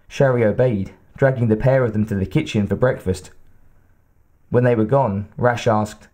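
Low mellow male audiobook narrator. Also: normal speed. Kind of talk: scripted narration.

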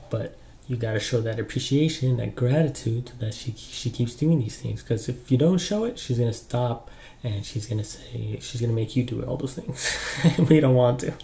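A young man giving casual relationship advice in a relaxed, rambling way, with lots of ums and you-knows. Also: mid-range voice, a little hiss or hum. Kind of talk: casual advice talk to camera.

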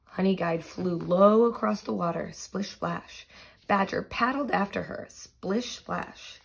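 A woman teacher reads a storybook aloud to her students and then goes through quiz questions with them. She voices the sound words with expression. Her voice is gravelly and husky, at a middle pitch.

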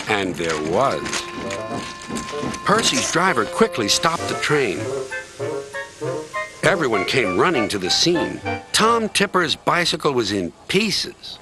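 American guy narrating a kids story, gentle, music behind. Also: fairly low pitch, big pitch swings, unhurried. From United States.

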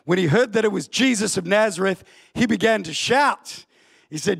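A man preaching an impassioned sermon in church, often bursting into shouts. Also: high voice, lively intonation, normal speed, gravelly, breathy edge. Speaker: pastor. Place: church hall.

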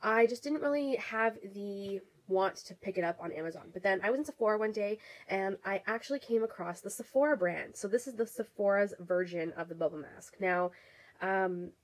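A woman's voice: mid-range voice, moderate pace, low-quality recording. A woman with a cold and a congested voice chats through a casual beauty product review, rambling with lots of ums and restarts. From Canada. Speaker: beauty vlogger.

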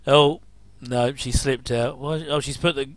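Middle-aged man, casual watch-along commentator, smooth and close-miked. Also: mid-range voice, fairly even intonation, unhurried, no room sound. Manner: chatty, jokey asides with chuckles. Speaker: commentary host.

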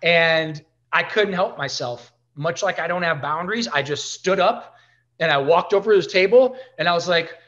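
A man talking as a podcast guest, telling stories in an animated way and acting out the dialogue. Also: on the high side, normal speed, muffled recording. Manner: animated storyteller who acts out quoted dialogue. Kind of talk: casual storytelling interview.

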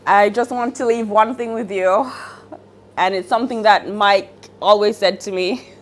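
A woman giving a memorial eulogy, emotional and halting, with small laughs between sentences. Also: medium pitch, steady tone. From Jamaica. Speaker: eulogy speaker.

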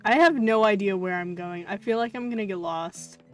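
A woman streamer chatting casually while she plays a game, easily excited, cooing at characters and now and then swearing. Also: medium pitch, normal speed. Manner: excitable, gasps and coos, swears lightly. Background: faint game music.

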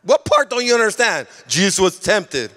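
A male senior pastor preaching a sermon in a church, emphatic and repetitive, often rising to a shout. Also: high voice, very animated, normal speed, faint music behind. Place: church sanctuary.

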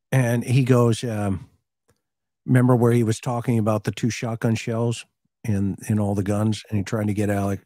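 A man's voice: medium pitch, mellow, no room sound, studio quality. A middle-aged man, a co-host and former hostage negotiator, chatting casually about a true-crime case and telling a story in which he acts out both sides of a conversation.

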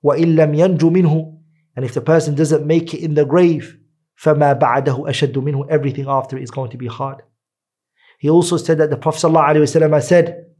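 A man teaching a sermon, reciting Arabic lines quickly and then translating them into English at a slower, earnest pace. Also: a little high, a little mellow, husky. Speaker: Islamic teacher.

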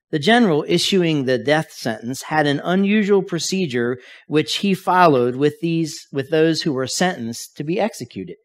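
Guy preaching sunday sermon, kinda high voice, tells stories, gets loud then quiet. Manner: storytelling, varies loudness for emphasis. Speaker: pastor.

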